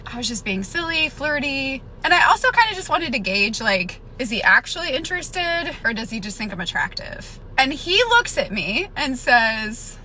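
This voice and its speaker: A woman telling a story to her phone camera in an animated, exasperated way. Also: high-pitched, normal speed, few pauses, slight background noise.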